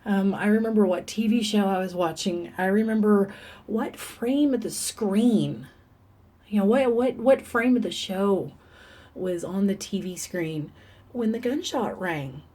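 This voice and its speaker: A woman talks to camera in a confessional vlog, her voice mellow and slightly husky. She is earnest and halting, often restarting her thoughts as she opens up. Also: medium pitch. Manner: earnest, halting, openly emotional. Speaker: vlogger. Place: room in the dark.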